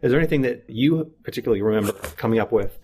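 A man interviewing an actor, asking questions and sharing favorite moments in a quick, enthusiastic way. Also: mid-range voice, darkish tone, husky.

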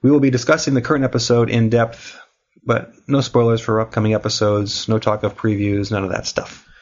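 A man's voice: fairly low pitch, flat delivery, a little fast, highs cut off. A man hosting a podcast who has a cold, reading a wry, joking episode recap and chatting casually with his co-hosts. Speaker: podcast host. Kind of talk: casual chat and scripted recap.

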